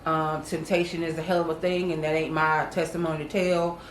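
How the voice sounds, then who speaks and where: A woman's voice: sits low, little pitch movement, a little fast, reverberant, slight background noise, rough recording. A woman co-hosting a casual talk, earnestly telling a personal testimony and calling her viewers y'all. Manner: earnest storytelling, acts out quoted voices, addresses viewers as y'all. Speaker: co-host.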